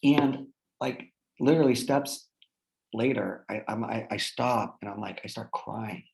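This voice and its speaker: A man's voice: mid-range voice, unhurried, creaky. A man hosting a chat, telling a personal story in an earnest, heartfelt way with lots of fillers. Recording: roomy echo.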